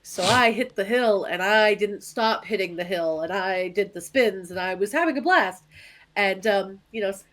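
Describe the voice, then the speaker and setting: Woman, mid pitch, podcast co-host, self-deprecating humor, joking, home recording. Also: moderate pace, fairly bright tone. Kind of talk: casual chat. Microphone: headphones on, home recording.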